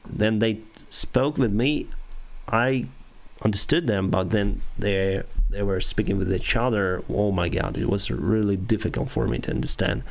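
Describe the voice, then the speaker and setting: Ukrainian-accented man chatting on a live stream. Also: fairly low pitch. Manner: halting non-native English with restarts and soft laughs. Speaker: airline pilot and live-stream host. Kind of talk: casual live-stream chat answering viewers.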